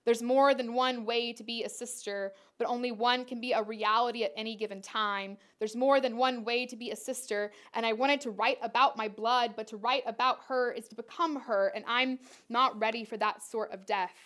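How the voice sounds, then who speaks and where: A woman's voice: on the high side, steady tone, moderate pace, hardly any pauses, a bit bright. A woman performance artist delivering spoken-word poetry in a rhythmic, incantatory way, repeating her refrains.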